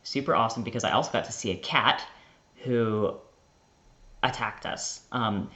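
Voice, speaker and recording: A man's voice: medium pitch, normal speed, a bit bright, dull audio. A young American man telling a rambling, chatty story to his vlog audience. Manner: chatty, rambling, heavy use of "like". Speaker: vlogger.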